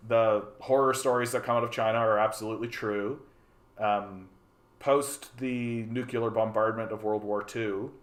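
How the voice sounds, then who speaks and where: A man hosting a casual political stream, talking bluntly with lots of restarts and profanity. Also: on the low side. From Canada. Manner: rambling, blunt, profane, many restarts and fillers. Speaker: livestream host. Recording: roomy echoey room.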